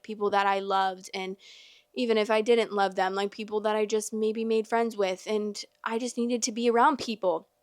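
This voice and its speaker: A young woman at an ordinary pitch tells a personal story, casual and animated, with plenty of "like" fillers. Her voice sits close and dry, with no room sound around it. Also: dry recording. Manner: chatty, animated, many "like" fillers. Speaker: podcast host.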